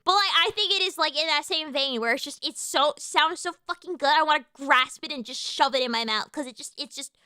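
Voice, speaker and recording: A young American woman streaming from home, chatting casually and rambling excitedly, with lots of restarts and fillers. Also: high voice, brisk, hardly any pauses, no echo. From United States. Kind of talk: casual live-stream chat.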